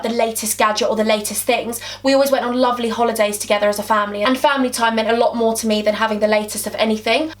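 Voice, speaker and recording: Bubbly high-voiced English woman vlogger. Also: distant mic. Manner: bubbly, rambling, playful, calls viewers huns. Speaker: beauty vlogger. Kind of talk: chatty makeup tutorial.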